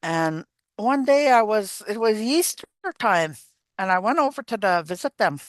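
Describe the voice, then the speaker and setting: An older woman, an elder, gently teaching and telling stories in an unhurried way, repeating her phrases. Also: medium pitch, animated, no echo. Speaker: elder and storyteller. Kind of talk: spoken teaching and storytelling.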